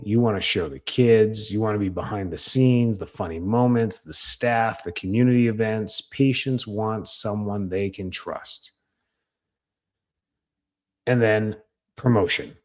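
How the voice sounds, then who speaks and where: A man giving a casual, animated talk as a marketing coach, often quoting people in a raised voice. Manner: animated, conversational, jumps in pitch when quoting patients.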